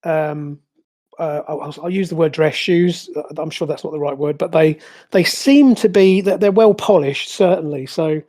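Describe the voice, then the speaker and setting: A game master narrating a tabletop game, pausing often with fillers and restarts. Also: mid-range voice, mellow. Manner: hesitant, many fillers and restarts.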